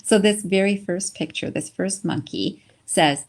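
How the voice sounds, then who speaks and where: A woman's voice: mid-range voice, a little slow. A woman giving an encouraging webinar lecture, often checking in with "right?". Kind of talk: conversational lecture.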